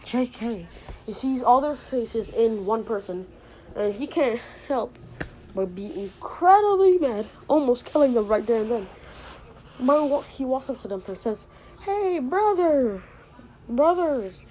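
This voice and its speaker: A woman's voice: on the high side, animated, a little slow, mellow, a little hiss or hum, rough recording. A woman casually retelling a made-up fantasy story, rambling with many fillers, restarts and asides.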